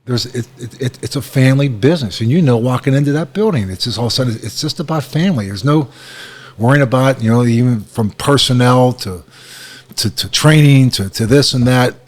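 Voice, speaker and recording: A man in his sixties, a guest at a bar, chatting casually and telling animated stories. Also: medium pitch, a little fast. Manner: animated storyteller, acts out quotes. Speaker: guest, former head coach.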